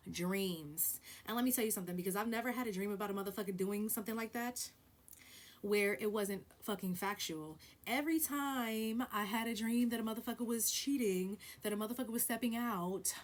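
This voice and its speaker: A woman telling a story on her vlog in a blunt, profane, animated way, with loud stresses and hushed asides. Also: mid-range voice. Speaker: vlogger.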